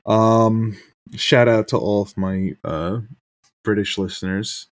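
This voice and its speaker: A man's voice: on the low side, takes it slowly. A man co-hosting a podcast in casual chat, rambling and laughing often. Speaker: podcast co-host.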